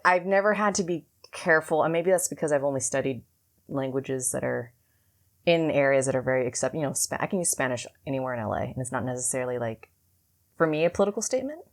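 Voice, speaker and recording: A woman's voice: extremely low pitch, lively intonation, quick pace. A young woman from California, co-hosting a podcast and telling a long story in a rambling, casual way full of fillers. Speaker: podcast co-host. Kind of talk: casual chat.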